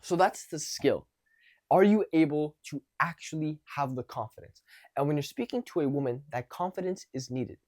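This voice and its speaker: A man's voice: on the high side, moderate pace. A man coaching social confidence, talking casually to camera and acting out example conversations. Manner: animated, acts out example conversations; loose, conversational with frequent restarts.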